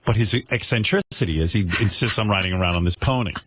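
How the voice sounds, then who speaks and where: A man hosting a radio show, pitching ideas in casual banter, rambling with restarts. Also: quick pace, no room sound.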